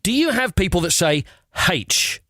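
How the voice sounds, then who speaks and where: A man, a sports radio presenter, chatting as a guest and telling playful stories in a comic, animated way. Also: high voice, moderate pace, dry recording, clean studio sound. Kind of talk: comic casual chat.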